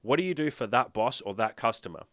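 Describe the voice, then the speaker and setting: A man's voice: medium pitch, expressive, fast, fairly bright tone, dry recording, clean studio sound. A man coaching his viewers on fitness and dating in a blunt, profane, emphatic way, often asking them rhetorical questions. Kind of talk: direct-to-camera motivational talk.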